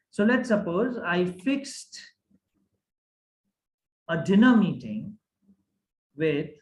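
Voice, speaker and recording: A man's voice: on the high side, slight background noise. A man teaching a grammar class online, often checking that the class follows. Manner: animated, asks the class many checking questions. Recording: echoey room.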